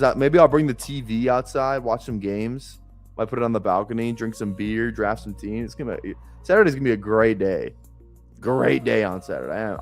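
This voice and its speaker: With a lowish voice, a man livestreams fantasy football drafts and rambles along casually. He swears freely and chuckles a lot.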